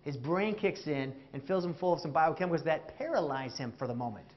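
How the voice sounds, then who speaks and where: High-voiced man giving a jokey keynote. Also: a little fast, muffled recording. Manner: animated, jokey, questions the audience. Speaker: keynote speaker. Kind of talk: interactive motivational keynote. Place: stage before a live audience.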